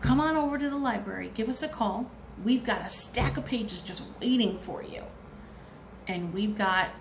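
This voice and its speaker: A woman's voice: mid-range voice, slight background noise. A woman, a librarian leading a cheerful craft demo at her kitchen table, talking to viewers in a sing-song way.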